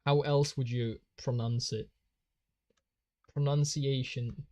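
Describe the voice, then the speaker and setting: Man, Polish accent, young, slow-paced giggly stream chat, dry recording. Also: medium pitch, steady tone, a little mellow, dry recording. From Poland. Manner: giggly, laughs often, reads out chat. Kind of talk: casual live-stream chat while drawing.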